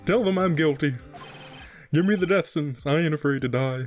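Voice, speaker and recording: A man voicing a hungover, despairing young man in a video game play-through, wailing in a drawn-out delivery. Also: a little high, faint music behind, close to an everyday voice.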